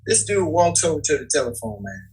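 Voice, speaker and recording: Husky-voiced guy telling a story, loose and slangy, keeps stumbling on words. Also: a little high, brisk, soft background music, poor audio. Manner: animated, slangy, repeats words. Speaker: guest musician. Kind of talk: casual storytelling.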